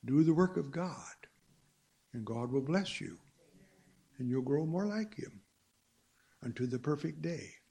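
Slow, gravelly-voiced male preacher. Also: on the high side, darkish tone. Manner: emphatic, rising and falling preaching with rhetorical questions. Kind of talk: sermon.

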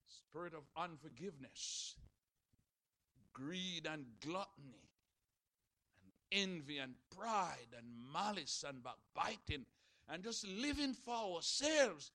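A man preaching a sermon, dramatic, moving between loud shouted passages and hushed, quiet ones. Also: a little high.

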